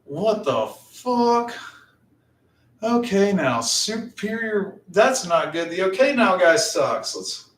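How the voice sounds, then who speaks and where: A man's voice: high-pitched, big pitch swings, slow pace, a bit bright, distant mic. A middle-aged man, chatting casually and profanely on a livestream, telling rambling stories. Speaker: livestream host. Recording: roomy, off-mic.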